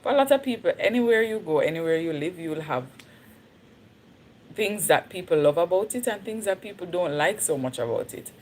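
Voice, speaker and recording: A woman's voice: lowish voice, animated, a little fast, darkish tone, slight background noise. A Jamaican woman chatting casually on her livestream, slipping into patois and laughing easily. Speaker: livestream host.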